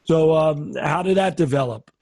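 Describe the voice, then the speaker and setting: A man with a fairly high, husky voice hosts a casual interview. He nudges the story along and offers brief, encouraging interjections. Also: a little mellow. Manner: supportive, quick interjections. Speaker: interviewer host. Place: home, video call.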